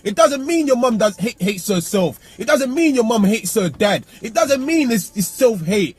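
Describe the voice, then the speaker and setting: A man with a very high, husky voice argues his point in a heated casual discussion. He talks bluntly and brashly, swearing and raising his voice, with faint music running behind him. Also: animated, moderate pace. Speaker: panelist.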